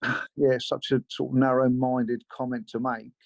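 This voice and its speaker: A man talking as a guest in an interview, telling his story in a measured, sober way. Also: mid-range voice, level tone, gravelly, no room sound. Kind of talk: interview conversation. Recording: dull lo-fi sound.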